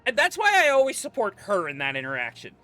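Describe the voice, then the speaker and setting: A man's voice: sits high, wildly swooping pitch, fast, bright, forceful tone, faint music behind. A man streaming a video game, chatting and laughing about the scenes as he plays. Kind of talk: casual gameplay commentary.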